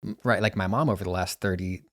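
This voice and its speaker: A man's voice: low voice, fairly even intonation, quick pace, fairly bright tone, no room sound, clean studio sound. A man chatting casually on a podcast, rambling with lots of restarts and fillers. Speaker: podcast producer and guest. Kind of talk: casual chat.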